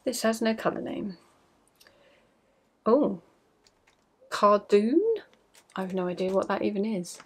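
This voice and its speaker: A woman's voice: mid-range voice, a little slow, gravelly, long pauses, breathy edge. Chatty woman rambling about yarn. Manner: chatty and rambling, self-mocking. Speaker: craft podcast host. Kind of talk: casual chat to camera.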